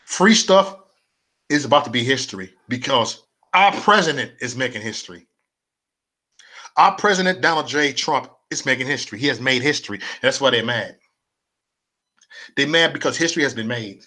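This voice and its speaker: Stammering, fiery ranting man, bright voice. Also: mid-range voice, expressive, moderate pace, pauses often. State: dry mouth, losing his voice. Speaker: political vlogger. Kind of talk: live-streamed political rant.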